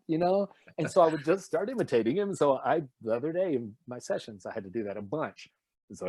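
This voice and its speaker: A man's voice: fairly high pitch, quick pace, slightly rough, dry recording. A man from Nashville with a light Tennessee accent, a voice actor telling stories in a casual interview and slipping into impressions. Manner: animated, slips into impressions. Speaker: voice actor guest.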